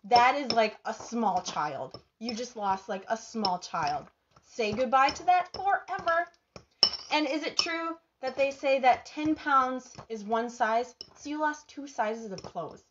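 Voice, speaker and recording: A woman's voice: on the high side, animated, measured pace, muffled recording, noisy background. Bubbly Minnesotan woman hosting a cooking stream. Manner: bubbly, chatty, reads viewer comments aloud. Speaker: cooking show host. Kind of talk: live cooking stream chat.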